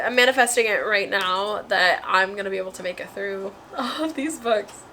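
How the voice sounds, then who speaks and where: A woman's voice: mid-range voice, moderate pace, bright, forceful tone, poor audio. A young woman talking casually to her viewers about books, bubbly and chatty with lots of fillers. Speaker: book vlogger. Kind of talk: casual chat to camera.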